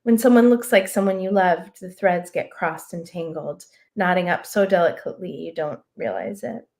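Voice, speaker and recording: Woman author reading her own prose, slow and thoughtful, lowish voice. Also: animated, vocal fry, a little mellow. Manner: measured, reflective reading. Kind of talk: reading a prose excerpt aloud.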